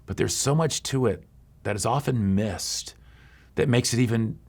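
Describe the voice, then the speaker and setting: A man, a pastor, telling a story in a sermon with conversational asides and hushed, dramatic pauses. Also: mid-range voice, gravelly.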